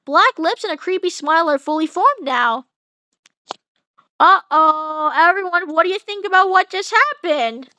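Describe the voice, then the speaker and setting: Brief: woman host, very high voice, dry close sound, plain casual fanfic narration. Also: animated, measured pace, pushed and bright, no room sound. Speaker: channel host reading a fanfic.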